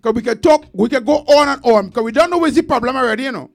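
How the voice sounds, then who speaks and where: A man's voice: very high-pitched, gravelly. A man with a Trinidadian accent hosting a casual discussion, speaking earnestly and laying out points one by one. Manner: earnest, measured, lists points deliberately.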